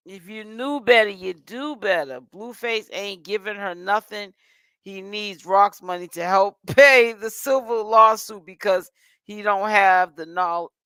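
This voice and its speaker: A woman's voice: mid-range voice, a bit bright, clean tone, no room sound. A woman hosting a casual gossip commentary vlog, sassy and chatty, tired and yawning while she talks. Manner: sassy and chatty, calls listeners honey and child. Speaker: host.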